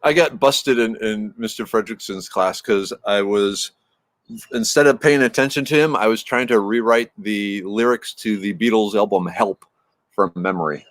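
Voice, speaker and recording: Low-voiced fifties man, dry close sound, easygoing stream host who chats and wanders off topic. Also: normal speed, fairly bright tone, no room sound. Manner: chatty, meandering, answers chat messages as they come in. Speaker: livestream host chatting with viewers. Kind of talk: casual rambling chat.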